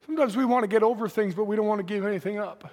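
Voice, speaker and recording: A male preacher delivering a sermon, building from quiet reasoning to impassioned shouts. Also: sits high, rapid-fire. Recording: long hall reverb.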